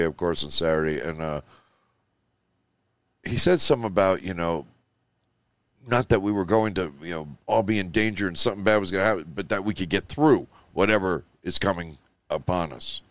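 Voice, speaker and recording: With a low-pitched voice and a moderate pace, a male show host rambles through a loose, emotional live monologue, heavy on "you know" and "like." There's no echo.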